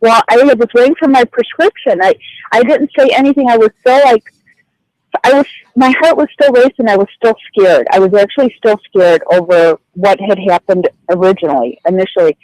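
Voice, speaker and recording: A woman's voice: mid-range voice, fairly quick, a little mellow, no room sound, poor audio. A woman calling in by phone to a radio show, telling what happened to her in a flustered, rambling way with many fillers. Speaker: caller. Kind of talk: telling a personal story on air. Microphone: phone call.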